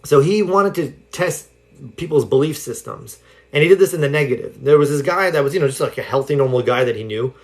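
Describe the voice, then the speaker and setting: This fairly quick, slightly high-voiced man is giving a casual self-help talk over a livestream from home. He tells his stories in a loose, rambling way, full of "like" and "you know."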